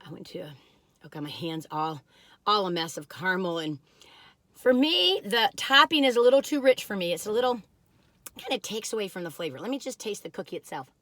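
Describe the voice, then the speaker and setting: A middle-aged woman chatting casually and excitedly as she taste-tests and reviews cookies, talking while she eats. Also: medium pitch, a little fast, no room sound. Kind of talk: casual taste-test chat.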